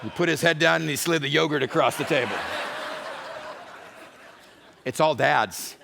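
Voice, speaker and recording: Middle-aged guy pastor, kinda high voice, jokey storytelling sermon in a church. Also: moderate pace, creaky, noisy background. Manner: humorous storytelling.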